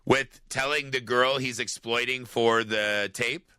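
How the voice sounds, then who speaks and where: A man's voice: mid-range voice, unhurried, clean tone, no echo, studio quality. A man co-hosting a movie podcast in casual chat, swearing freely and acting out quoted lines. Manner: profane, animated storyteller who acts out quoted voices. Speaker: podcast co-host.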